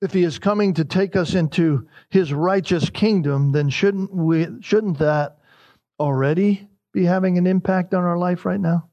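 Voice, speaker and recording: A man preaching a sermon in a high voice. He is emphatic and repeats his key lines. His pitch climbs even higher when he stresses a point. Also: unhurried, muffled recording. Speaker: pastor.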